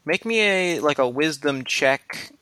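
A man narrating as game master of a tabletop game, in a relaxed, loose style with frequent restarts and fillers. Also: fairly high pitch, a little slow, no room sound.

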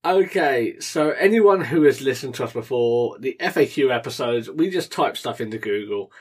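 Over soft background music, this young podcast co-host speaks at a normal speed in a medium-pitched voice. The chat is casual, and he's full of jokes, frequent laughter and lively energy.

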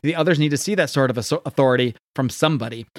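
A man reading Diana, a forceful heroine. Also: mid-range voice, racing, dry recording, studio quality, lightly acted. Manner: reads the lines loosely, with fillers.

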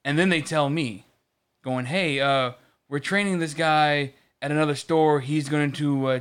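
A man's voice: a little high, fairly bright tone, clean tone. Rambling man telling a work story. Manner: rambling storyteller, swears, many restarts. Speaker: podcast co-host. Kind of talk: casual chat.

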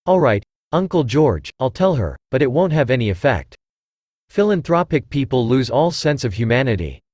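A synthesized male voice reading the part of a witty, languid young gentleman with a dry, epigrammatic manner. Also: medium pitch, sing-song, moderate pace, dry recording. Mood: ironic.

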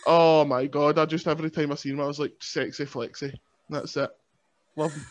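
A man's voice: a little high, flat delivery, fairly quick, slight background noise. A man, a pro wrestler guesting on a podcast, chatting casually in a playful, self-mocking way and laughing often.

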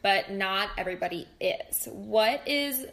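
A woman's voice: mid-range voice, a little slow. Chatty woman hosting a podcast. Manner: chatty and warm, with frequent fillers and hedging questions. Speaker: podcast host. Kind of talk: casual interview chat.

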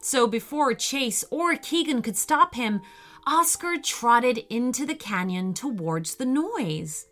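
Storyteller: woman, slow, bright, expressive reading over faint music. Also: a little high. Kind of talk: children's story narration.

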